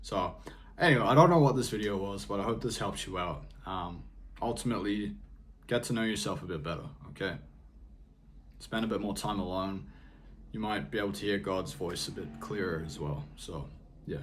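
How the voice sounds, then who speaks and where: A man's voice: deep voice, normal speed, slight background noise. A young man vlogging casual advice in a laid-back, rambling way, peppering his talk with slang. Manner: rambling, often trails off and restarts.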